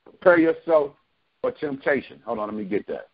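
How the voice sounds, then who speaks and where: A man's voice: medium pitch, animated, normal speed. A man leading a conference-call bible study, preaching with repeated phrases for emphasis. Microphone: phone conference call. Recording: dull lo-fi phone call.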